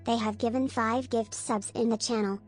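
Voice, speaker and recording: A synthetic woman's voice reading stream alerts aloud in flat, evenly paced announcements. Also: medium pitch, moderate pace, faint music behind. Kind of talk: text-to-speech alert reading.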